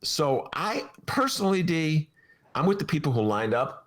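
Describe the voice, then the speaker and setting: A man hosting a political podcast, talking in a mocking, animated way and laughing often. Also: on the high side, normal speed. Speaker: podcast host. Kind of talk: political talk show chat.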